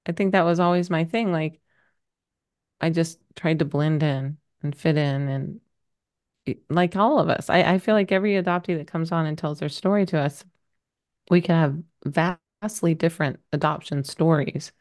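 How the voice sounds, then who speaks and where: With a deep, somewhat mellow voice at a moderate pace, a middle-aged woman opens up about a personal story as a guest on a podcast. She gets emotional, rambles slightly, and fills her speech with hesitations.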